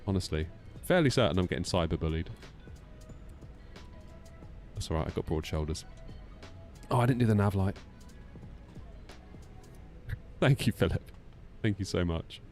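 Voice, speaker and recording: A man in casual live-stream chat, talking to his viewers while he flies a sim. His voice sits on the low side, and he answers chat aloud in a jokey, self-mocking way. Faint music plays underneath. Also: animated, unhurried, pauses often, darkish tone.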